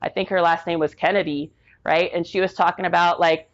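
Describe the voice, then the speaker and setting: Low-voiced woman, rambling casual storytelling. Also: fairly even intonation, brisk, dull audio. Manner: rambling, heavy use of "like", acts out quoted people. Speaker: guest, Army veteran.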